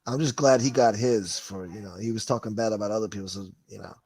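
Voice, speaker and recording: A man's voice: fairly low pitch, fast, darkish tone, breathy edge, no room sound. Man ranting on a livestream. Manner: profane, ranting, sarcastic. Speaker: livestream host. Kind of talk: casual chat reading viewer comments.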